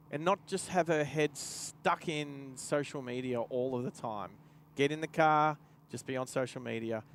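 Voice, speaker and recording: With a slightly high voice and vocal fry, a young Australian man tells a casual, rambling anecdote while driving, chuckling to himself. He's a driving livestream host speaking inside a car, with slight background noise.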